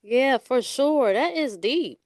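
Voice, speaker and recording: A woman's voice: high voice, lively intonation, slow, darkish tone, no room sound, clean studio sound. A woman host asking a guest questions casually, with "like" and "uh" fillers. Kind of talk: interview questions.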